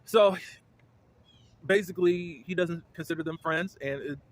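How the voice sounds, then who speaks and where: A man giving casual, blunt commentary as a reality TV recap host, with indignant, animated reactions. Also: on the high side, measured pace, slight background noise.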